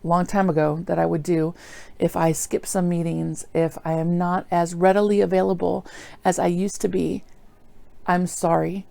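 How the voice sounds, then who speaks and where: A woman's voice: on the low side, level tone, moderate pace, creaky, warm tone, dry recording. A middle-aged woman talking earnestly and apologetically in a rambling personal video diary, full of fillers. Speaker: vlogger.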